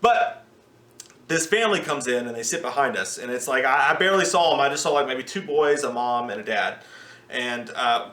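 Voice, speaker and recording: A man's voice: mid-range voice, fairly quick. A man in his thirties co-hosting a casual movie review, ranting in an exasperated, profane way. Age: 30s. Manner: exasperated, profane, animated storytelling. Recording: echoey room.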